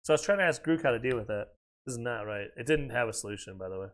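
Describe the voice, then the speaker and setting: Man, game streamer, casual chat, profane, lively pitch. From United States. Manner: rambling, profane, quick reactions to the game. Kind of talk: casual chat while gaming.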